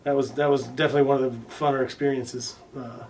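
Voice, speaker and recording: A man being interviewed as a guest, telling stories casually, with many restarts and fillers, now and then swearing and loudly acting out what others said. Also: medium pitch, little pitch movement, fast, far from the mic, slight background noise. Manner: swears casually and acts out quoted lines loudly. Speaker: interview guest, recording artist. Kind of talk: casual storytelling in conversation.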